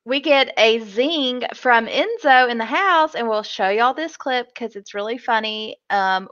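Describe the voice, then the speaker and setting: Giggly bright-voiced woman co-host. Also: fairly high pitch, lo-fi sound. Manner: giggly, playful, animated. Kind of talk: casual chat.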